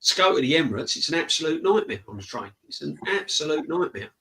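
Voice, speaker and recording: A man's voice: a little high, very animated, quick pace, sharp tone, rough recording. A man chatting earnestly on a video call, repeating points for emphasis. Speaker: season ticket holder guest. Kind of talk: casual chat.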